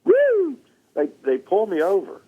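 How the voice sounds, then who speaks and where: Casual Southern male guest spinning an animated yarn on radio. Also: medium pitch, normal speed, phone-quality sound. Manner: animated storyteller, acts out quotes, laughs often. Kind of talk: casual storytelling chat.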